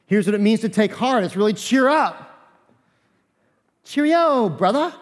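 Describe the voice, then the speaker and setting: Man, pastor, sermon, animated storytelling voices, high pitch, long reverb. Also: a little slow. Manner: animated, acts out voices of figures.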